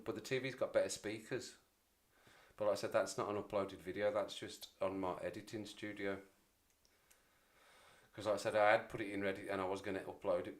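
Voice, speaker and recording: A man in his forties hosting a casual livestream chat, rambling and self-deprecating as he talks to viewers. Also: lowish voice. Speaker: livestream host.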